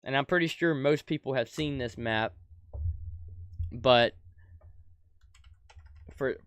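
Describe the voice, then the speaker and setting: A young adult man giving an angry, profane political rant as a commentator, swinging from shouted outbursts to low muttering. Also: takes it slowly, clean tone.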